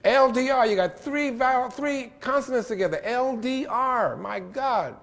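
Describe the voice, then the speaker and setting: A man giving a lively lecture-style keynote address, playful and animated, spelling out letters and mimicking pronunciations. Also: very high-pitched, measured pace, creaky, long reverb tail. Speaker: keynote speaker.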